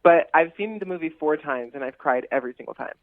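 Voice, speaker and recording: A man talks about his film in an effusive, giggly way, rambling from thought to thought. He comes through a thin, phone-like line. His voice sits a little higher than most men's. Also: expressive, fast, no echo. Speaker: actor in the film, interview guest. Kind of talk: casual interview.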